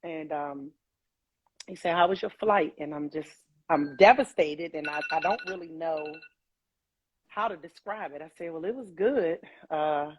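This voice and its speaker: Husky-voiced woman telling a painful story. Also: lowish voice. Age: adult, mother of older kids. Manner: vivid retelling, acts out quoted dialogue, halting restarts. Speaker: guest telling her story. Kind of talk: emotional personal storytelling. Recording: dull, slightly muffled dry sound.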